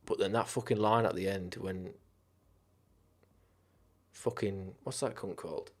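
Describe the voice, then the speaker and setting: Low-voiced man ranting casually about films. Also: fairly even intonation, measured pace. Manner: swearing, rambling, enthusiastic about films. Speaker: streamer. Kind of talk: casual live-stream chat.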